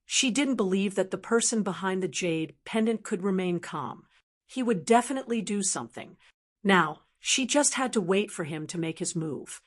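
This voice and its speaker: A woman's voice: medium pitch, expressive, normal speed. Woman narrating a web-novel audiobook. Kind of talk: scripted narration.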